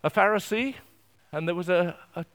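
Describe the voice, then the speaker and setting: A man preaching a sermon, emphatic and repetitive, swinging from quiet to loud. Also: high-pitched, moderate pace, smooth.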